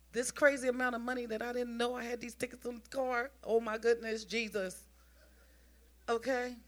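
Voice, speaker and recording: A woman giving an informal sermon, telling a personal testimony in an animated way and talking straight to the congregation, often repeating and restarting her phrases. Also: medium pitch. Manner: addresses the congregation directly.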